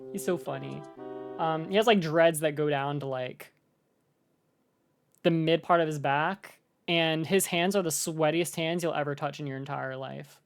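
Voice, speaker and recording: A woman's voice: low voice, unhurried, soft background music. Rambling young American woman streamer. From United States. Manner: rambling, filler-heavy, animated with laughs. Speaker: streamer reacting to a video. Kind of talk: casual live-stream chat.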